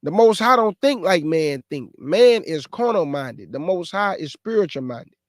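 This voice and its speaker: A man with a high, bright-sounding voice preaches on a livestream. He talks straight to his viewers in a lively, exasperated way, recorded close and dry. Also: unhurried, dry recording. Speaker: host of a live show.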